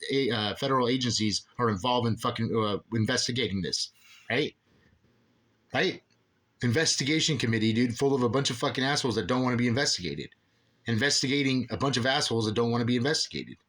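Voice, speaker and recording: A man's voice: medium pitch, fast, fairly bright tone. A man in an agitated, profane monologue, rambling with many restarts as an aggrieved father ranting about officials. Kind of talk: angry monologue.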